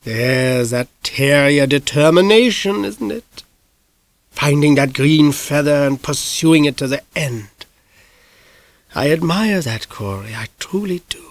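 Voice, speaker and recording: A man voicing a smooth, menacing middle-aged doctor in a soft, breathy whisper. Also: on the high side, expressive, takes it slowly, no room sound. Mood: silky menace.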